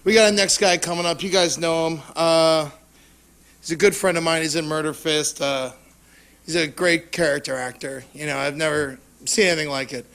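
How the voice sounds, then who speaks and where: A man's voice: fairly high pitch, steady tone, moderate pace, vocal fry, a bit bright. A man roasting friends on stage and introducing the next act, teasing and playful. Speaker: roast comic and emcee. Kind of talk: stand-up roast set.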